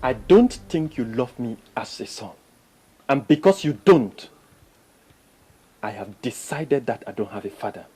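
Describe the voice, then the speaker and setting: An actor playing a bitter young man just out of prison, confronting his father in a husky voice. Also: mid-range voice, expressive, a little slow, pauses often, mellow.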